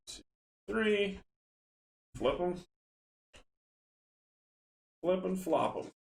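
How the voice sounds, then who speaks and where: A man hosting a card game stream, reading rules aloud and chatting with viewers in a casual, self-mocking way. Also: on the high side. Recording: roomy echo with faint background noise.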